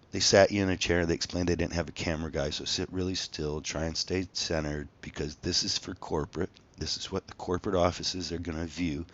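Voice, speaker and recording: Guy with a real deep voice spinning a sweary story, acting out all the dialogue, kinda dull lo-fi sound. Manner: profane, animated, acts out past dialogue. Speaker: podcast host telling his own story. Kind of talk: casual storytelling monologue.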